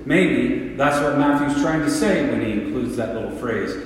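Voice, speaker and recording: A man preaching a sermon as pastor, deliberate and full of rhetorical questions and repeated words. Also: medium pitch, animated. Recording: echoey hall from a distant mic.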